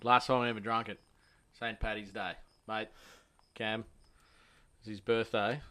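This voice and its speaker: A man's voice: on the low side, flat delivery, unhurried, pushed and bright. A young Australian man telling a rowdy pub story in casual chat, swearing heavily and acting out the lines he quotes. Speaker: podcast host.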